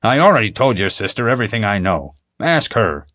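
A man's voice: lowish voice, sing-song, fairly quick, a bit bright. A man doing a blunt, stubborn old vet. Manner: blunt, dry, dismissive. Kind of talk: audiobook character voice.

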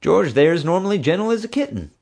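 A man's voice: high voice, very animated, fairly quick, gravelly, darkish tone, pitched above the performer's own voice, heavily acted. A man voicing a grinning billionaire who teases and mocks a frightened man. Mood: smug. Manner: smug, mocking.

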